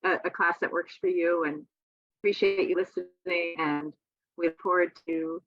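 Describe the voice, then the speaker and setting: A woman's voice: lowish voice, fairly even intonation, moderate pace, creaky, no echo, lo-fi sound. A woman hosting a conversation, supportive and clarifying, then signing off the episode. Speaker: host. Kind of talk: podcast hosting.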